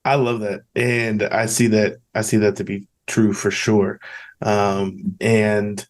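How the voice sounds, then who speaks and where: Podcast host guy, lowish voice, chatty and candid, keeps restarting his sentences. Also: level tone, slow. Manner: candid, rambling, with frequent restarts. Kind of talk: casual conversational interview.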